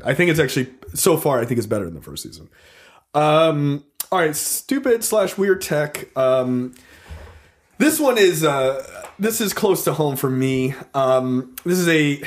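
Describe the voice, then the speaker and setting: Animated, swearing podcast man. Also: mid-range voice. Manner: animated storytelling, swears freely, acts out scenes. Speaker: podcast co-host. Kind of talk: casual chat.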